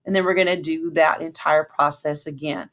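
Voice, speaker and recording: A woman's voice: low-pitched, fairly even intonation, moderate pace, a bit bright. A woman band teacher giving a patient lesson, counting aloud and demonstrating breaths and mouth shapes.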